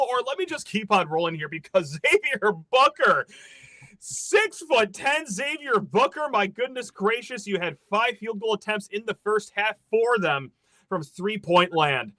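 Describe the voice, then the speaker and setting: Animated ranting male sports podcast host. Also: high-pitched, moderate pace, no echo.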